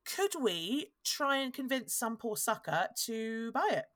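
A woman's voice: on the high side, expressive, measured pace, a bit bright, no room sound, studio quality. A woman, hosting a podcast and telling a history story in a chatty, wry way that often breaks off and restarts. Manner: chatty, wry, self-interrupting. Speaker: podcast host. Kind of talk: casual storytelling chat.

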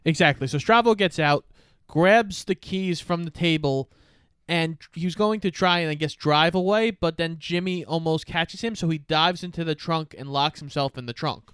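A man's voice: fairly high pitch, moderate pace, a bit bright, smooth, no echo. A man co-hosting a casual movie recap podcast, wryly summarizing the plot. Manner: wry plot summarizing, acts out lines. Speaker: podcast co-host.

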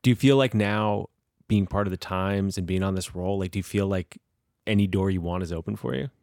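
A man's voice: low voice, a little fast, creaky, darkish tone, no echo, studio quality. A male podcast host asking questions in casual, blunt, joking chat.

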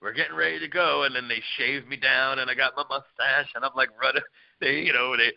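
A man's voice: medium pitch, fairly quick, no room sound, highs cut off. A man chatting casually as a podcast guest, rambling and laughing as he tells family stories. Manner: rambling, laughing, lively storyteller. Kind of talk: casual chat.

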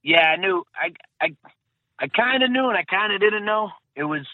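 A man whose voice sits high, with lively intonation and a normal speed, shares his personal account as a guest in a casual interview. A bombing survivor, he rambles, corrects himself and repeats phrases. The recording is dry, with a tinny, phone-like quality.

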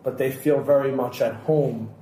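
With a warm, mid-range voice and fairly even intonation, this man tells lengthy stories full of quoted dialogue while co-hosting a relaxed podcast roundtable. He speaks at a moderate pace. There's roomy echo and faint background hiss.

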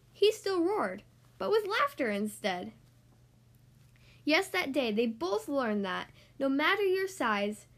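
A woman reading a rhyming children's picture book aloud in an expressive, sing-song way. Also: high voice. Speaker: podcast host reading children's books.

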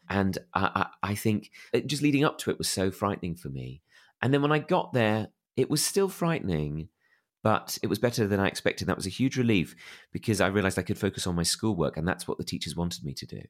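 A man's voice: low-pitched, very animated, fairly quick. A man with a plummy, posh English accent, candidly telling personal stories as an interview guest, self-deprecating, with lots of fillers and restarts. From England.

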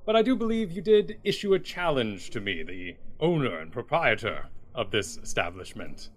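A man's voice: medium pitch, very animated, normal speed. A man playing a tabletop game who speaks in character with formal, theatrical phrasing. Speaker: player.

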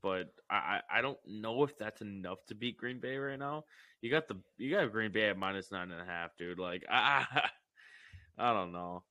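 A man's voice: lowish voice, moderate pace, bright, forceful tone, no room sound, clean studio sound. A man co-hosting a casual football podcast, stammering and laughing as he talks, swearing freely. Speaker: podcast co-host. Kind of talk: casual sports chat.

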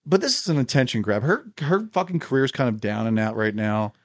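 A man's voice: medium pitch, lively intonation, brisk, no room sound. A man with a mid-range voice, blunt and provocative, tossing out crude jokes among friends on a podcast. The sound is close and dry. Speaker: podcast co-host. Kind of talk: crude casual banter.

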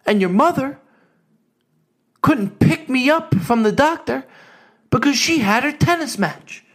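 A retired father grumbles, aggrieved and exasperated, his voice pushed up high, put on by his son. Each complaint sounds like a plea for sympathy. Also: expressive, a little slow, fairly bright tone, exaggerated voice.

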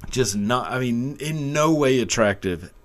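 A man's voice: mid-range voice, expressive, measured pace. A young man ranting crudely into his camera, rambling, swearing and breaking into laughter as he goes. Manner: profane, rambling, laughing often. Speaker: video commentator. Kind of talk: crude comedic rant. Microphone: camera mic.

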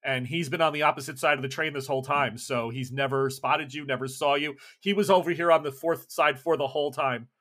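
A man's voice: fairly high pitch, steady tone, brisk, hardly any pauses, fairly bright tone. A man narrating a tabletop game as game master, loose and chatty with many restarts.

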